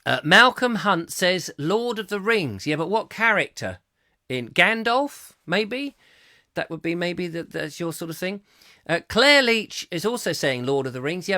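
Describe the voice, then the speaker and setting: A man hosting a live chat show, reading out viewer comments with jokey, mock-indignant asides, his throat going a little hoarse. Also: high-pitched, expressive, normal speed, pushed and bright, no echo, clean studio sound. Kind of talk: casual ranty live-stream chat.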